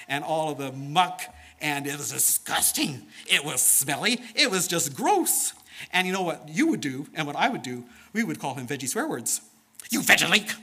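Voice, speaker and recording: A man telling a children's sermon story in an animated, playful way, with sound effects and questions to his listeners. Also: a little high.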